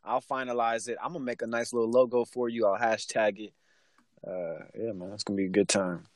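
A man's voice: on the low side, flat delivery, a little fast, no room sound. A young man co-hosting a casual podcast, playfully teasing and needling his partner. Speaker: podcast co-host.

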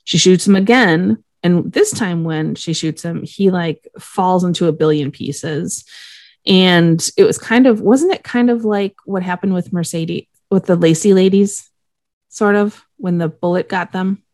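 A woman co-host talks through a TV episode in a loose, rambling way, full of ums and casual swearing. Her voice sits low with a gravelly fry. The sound is dry and close. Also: a little slow, a little mellow, dry recording. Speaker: podcast co-host recapping a TV episode. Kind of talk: casual chat.

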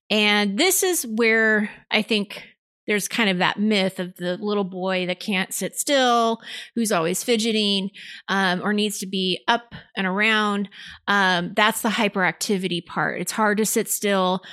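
A woman's voice: medium pitch, fairly bright tone. A woman hosting a podcast. She chats casually with her co-host, laughs easily, and explains things step by step.

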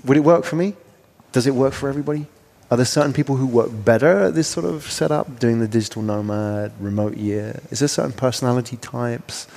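A man's voice: mid-range voice, gravelly, a little mellow. A man in his forties from the United Kingdom, hosting a conversational interview and asking curious questions. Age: 40s. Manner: curious, asks rapid questions. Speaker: podcast host.

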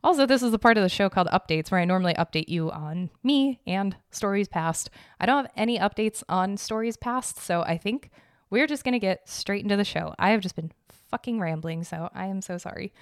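A woman's voice: mid-range voice, fairly quick, dry recording, studio quality. A young woman hosting her own podcast, rambling in a casual, giggly, self-deprecating way and swearing now and then. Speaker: podcast host.

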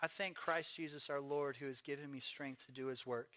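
A man preaching a sermon in a church, telling stories with animated acted voices. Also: medium pitch, fairly quick. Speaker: pastor.

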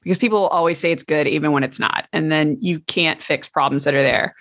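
Lower-voiced woman co-host. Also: quick pace, a bit bright. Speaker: podcast co-host. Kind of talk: casual conversation.

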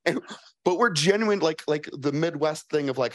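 A playful man with a Chicago accent fields questions at a live fireside chat, his pitch leaping around as he acts out the people he quotes. He sounds animated and quick to joke. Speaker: speaker answering audience questions.

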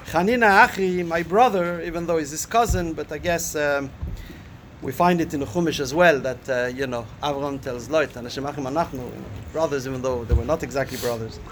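A man's voice: on the high side, a little hiss or hum. A man teaching a Talmud lesson. He reads a line aloud, then explains it, thinking aloud with fillers and rhetorical questions. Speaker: Torah teacher. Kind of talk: Talmud lesson, reading and translating a text.

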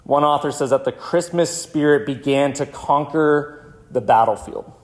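A male pastor telling a vivid story in a sermon, slowing down for dramatic moments. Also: fairly high pitch. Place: church.

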